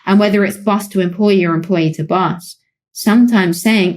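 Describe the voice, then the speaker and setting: A British woman with a British accent, a psychologist co-hosting a podcast, explaining calmly in relaxed conversation with light laughs. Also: mid-range voice, moderate pace. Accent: British English. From Britain. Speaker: psychologist co-host.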